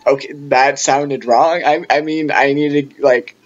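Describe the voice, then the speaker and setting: A man's voice: mid-range voice, unhurried, dull audio. Rambling young man over music. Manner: rambling, tangent-prone, animated quoting voices. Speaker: vlogger. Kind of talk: casual storytime chat.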